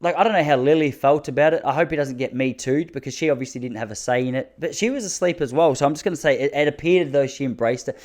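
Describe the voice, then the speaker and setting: An Australian man in his thirties, hosting a podcast and telling rambling, self-mocking comic stories with quick asides. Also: on the high side, darkish tone. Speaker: podcast host. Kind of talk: comic storytelling monologue.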